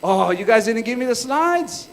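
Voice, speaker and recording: In a reverberant hall, a man from California in his thirties chats his way through a casual workshop presentation, relaxed and slangy, with plenty of stories. His voice is very high and very animated, at a moderate pace.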